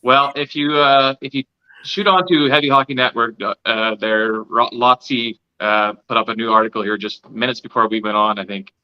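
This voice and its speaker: A man joining a podcast as a guest, explaining his point quickly and thinking aloud. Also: mid-range voice, clear, resonant tone. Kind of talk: casual podcast chat. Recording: dull lo-fi sound.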